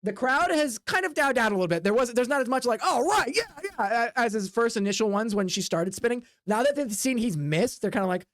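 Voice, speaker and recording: Dry, close, rambling game-master streamer. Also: male voice, very high voice, animated, a bit bright, no room sound. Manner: rambling, filler-heavy narration with quick voiced asides. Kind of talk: narrating a tabletop game on a live stream.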